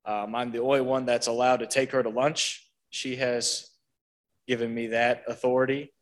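A man's voice: medium pitch, little pitch movement, moderate pace. A staff member at a senior home tells a story on a panel, chatty and lightly humorous. He is a man with a mid-range voice. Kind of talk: panel interview.

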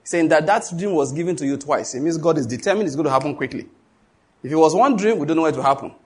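Husky-voiced Nigerian preacher. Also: male voice, fairly high pitch, expressive, fast. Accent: Nigerian English. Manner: emphatic, asks the congregation to finish his sentences. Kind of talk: sermon.

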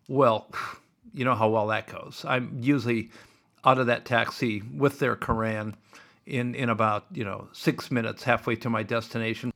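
A man's voice: medium pitch, fairly even intonation, normal speed, creaky, fairly bright tone. A man, hosting a podcast as a rambling solo monologue full of wry asides and digressions. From Iowa, USA. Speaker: podcast host.

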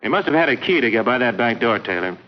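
A man's voice: mid-range voice, lively intonation, fast talker, close to an everyday voice. A man playing a hard-nosed insurance investigator who keeps needling a suspect, in a 1950s radio drama. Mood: accusing. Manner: pushy, needling interrogation. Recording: dull lo-fi 1950s recording.

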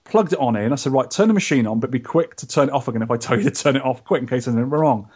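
A man's voice: racing, slightly rough. A man co-hosting a podcast, telling a story in casual chat. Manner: chatty storyteller, lively pitch. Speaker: podcast co-host.

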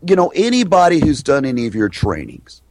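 A middle-aged man, a hypnosis trainer and guest, telling stories in an animated way and acting out the voices of the people in them. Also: mid-range voice, brisk, dry recording. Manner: lively, acts out the voices of people in his stories. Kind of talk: animated storytelling in a podcast interview.

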